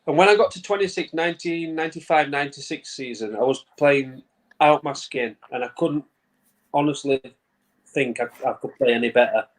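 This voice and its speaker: An Englishman in his fifties, a former goalkeeper, is a guest in a casual interview over a video call from his home man cave. His voice is on the high side and a little fast, the audio is poor, and he tells stories with frequent laughs and repeated words.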